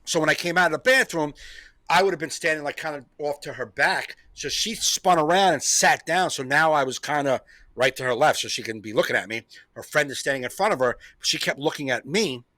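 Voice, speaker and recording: Bright-voiced man telling a rambling story. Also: fairly high pitch, a little fast, no echo. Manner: rambling, repeats himself, laughs often. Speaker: comedian podcast host. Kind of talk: casual storytelling chat.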